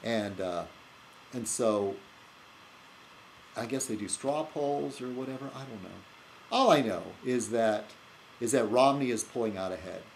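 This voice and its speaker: A man's voice: mid-range voice, measured pace, long pauses, a little hiss or hum, low-quality recording. A man hosting his own video blog, talking in a loose, rambling way with many fillers and restarts. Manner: animated, laughs at his own jokes. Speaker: video blogger. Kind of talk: casual rambling monologue.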